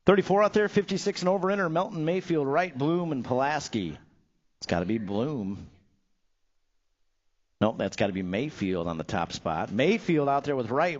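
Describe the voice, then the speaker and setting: A man's voice: mid-range voice, muffled recording. A man calling a live bike race as the track announcer, upbeat and joking, giving riders playful nicknames.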